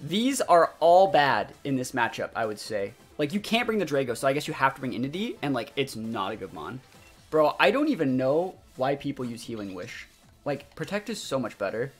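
Young male streamer, lively swooping voice, husky edge, game music under, excitable live commentary. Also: mid-range voice, normal speed. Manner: excitable, talks to chat, sudden loud outbursts. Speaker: gaming streamer. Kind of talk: live commentary over gameplay. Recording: faint music behind voice.

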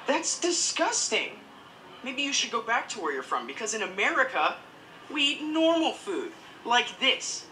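A man's voice: extremely high pitch, sing-song, a little slow, sharp tone, exaggerated voice. A man acting a cruel, mocking teenage school bully in a scripted drama. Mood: taunting. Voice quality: mocking, contemptuous. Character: sneering teenage boy, cruel cafeteria bully. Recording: roomy with noisy background.

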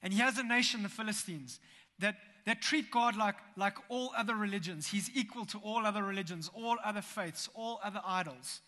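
A man preaching a sermon in a church, telling the story in a lively way with humorous asides. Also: high-pitched, normal speed. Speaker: pastor. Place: church sanctuary. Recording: long church hall reverb.

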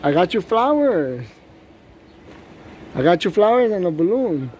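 A man with a fairly high voice films himself on his phone, chuckling between lines and teasing as he chats to viewers. He records from his truck and a sunny alley, with faint noise in the background. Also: big pitch swings, a little slow, a little mellow. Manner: laughing, teasing, addresses viewers. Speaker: vlogger. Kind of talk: casual vlog. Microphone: phone camera.

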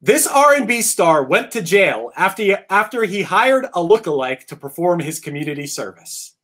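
A man hosting a live trivia podcast event, reading questions and scoring answers with quick restarts. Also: sits high. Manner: lively, stumbles and restarts, laughs between answers. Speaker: trivia quiz host.

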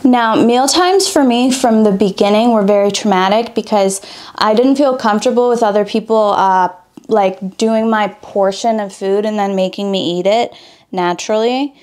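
A young beauty vlogger from Wisconsin, USA tells a personal story while doing her makeup in a casual vlog. Her voice is medium-pitched, darkish, and moderately paced, and she's chatty, full of "like" fillers and restarts.

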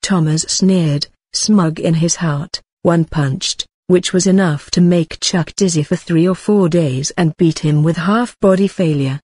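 Low, breathy woman narrating a story. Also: fairly even intonation, measured pace, few pauses, warm tone, dry recording, studio quality. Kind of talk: scripted narration of a translated web novel.

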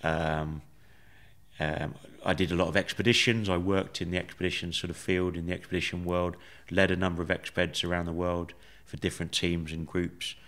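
A man with a very low voice talks through his story as a podcast guest. He speaks in a measured, reflective way and often pauses on fillers. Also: flat delivery, a bit bright. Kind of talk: conversational storytelling.

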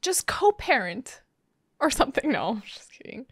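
High, lively woman reacting emotionally. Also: moderate pace, breathy edge, no room sound, faint music behind. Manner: emotional, laughing and gasping, chatty asides. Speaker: anime reaction host. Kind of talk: casual reaction commentary.

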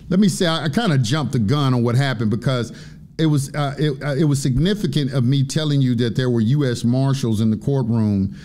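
A man's voice: mid-range voice, a little mellow. A man hosting an online radio talk show, recounting a personal experience earnestly, quoting exchanges and giving advice to listeners. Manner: recounting events with quoted dialogue, earnest and instructive. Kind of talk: storytelling to listeners.

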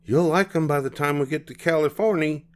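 An older man reading a storybook aloud, voicing a cheerful, resourceful pioneer mother in a raised voice with a bright, brisk manner. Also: on the high side, pitched above the performer's own voice, natural voice.

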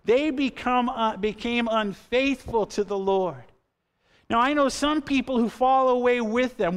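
A man's voice: very high voice, unhurried, clear, resonant tone. A man in his fifties preaching a sermon as pastor in a church, earnest and conversational, with asides to the congregation. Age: 50s. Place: church sanctuary.

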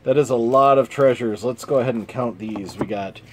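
A man hosting a casual card game review, reading cards in an amused, chuckling, unhurried way. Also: mid-range voice, slightly rough. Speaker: channel host.

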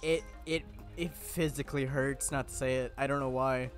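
A man's voice: medium pitch, fairly even intonation, moderate pace, soft background music. A young man hosting a gameplay video, rambling and mocking himself with lots of fillers. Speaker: gaming video host. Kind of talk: casual gameplay commentary.

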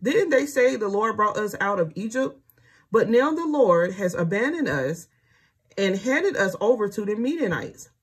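A woman's voice: medium pitch, big pitch swings, moderate pace, slightly rough. A woman voicing a frightened young man who doubts and pleads. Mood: doubtful.

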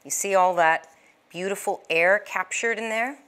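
A middle-aged woman hosting a casual cooking demonstration, chatty and enthusiastic, with a loud, projecting voice, talking to the viewer as she works the dough. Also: mid-range voice, moderate pace. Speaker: cooking show host.

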